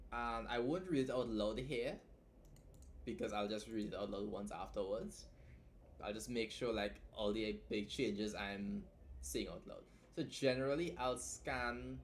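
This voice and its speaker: Young man, tired, low voice, casual livestream tutorial, keeps saying "right?", soft keyboard clicks in the background. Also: slight background noise. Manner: loose and chatty, tags points with "right?" and "like". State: tired from staying up long. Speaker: writing streamer teaching editing.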